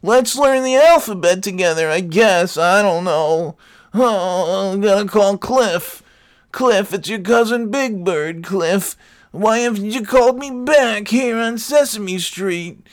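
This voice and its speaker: A man putting on a high, slow, flat voice for a grumpy, swearing bird puppet. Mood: grumpy drawl.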